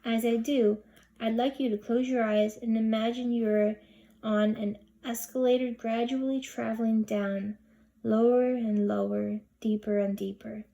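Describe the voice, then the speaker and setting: A woman voicing a soothing hypnotist who drawls in a low, husky voice. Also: flat delivery, measured pace, mellow.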